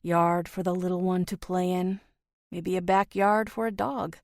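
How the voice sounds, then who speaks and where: Woman voicing a gentle protective man. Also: on the low side, fairly even intonation, measured pace, no room sound, studio quality. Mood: reassuring. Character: tender protective man, a caring partner.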